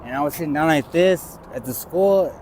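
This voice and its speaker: Interviewed outdoors beside a street, with traffic and street noise in the recording, a man tells a rambling personal story and acts out what others said. His voice is fairly high-pitched, animated and darkish in tone, at a moderate pace.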